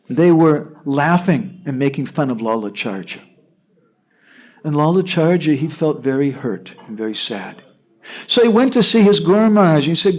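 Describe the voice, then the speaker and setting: American man telling a lively devotional story. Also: on the high side, normal speed. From United States. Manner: lively, checks in with listeners. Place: devotee's home.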